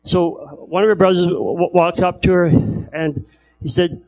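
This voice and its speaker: A man doing stand-up comedy who stutters, telling stories with repeated word starts and long pauses. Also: sits high, steady tone, muffled recording. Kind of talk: stand-up storytelling.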